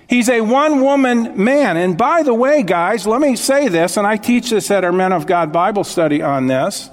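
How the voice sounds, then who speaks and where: A man's voice: sits high, long reverb tail. A male pastor preaching a sermon, stressing key phrases, repeating them and checking that listeners follow.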